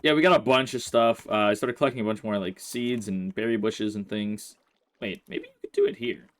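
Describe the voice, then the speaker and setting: A man's voice: lowish voice, fairly quick. A man hosting a casual let's play, commenting on his gameplay and grumbling in exasperation at his in-game horse.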